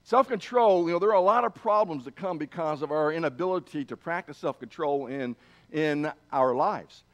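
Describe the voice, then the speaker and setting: A man's voice: a little high, moderate pace, dull audio. A male pastor giving a sermon in a conversational way, with fillers and restarts.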